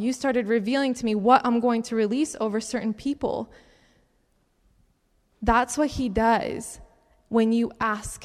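Young woman, animated church testimony, slightly high voice, long hall reverb. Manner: animated storytelling with laughs. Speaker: speaker at a church gathering. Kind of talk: personal testimony talk.

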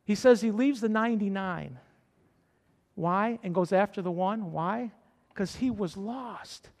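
A man's voice: sits high, measured pace. A man preaching a sermon as pastor, building to fervent exhortations to his church. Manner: preaching with rising excitement and exhortations. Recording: hall reverb.

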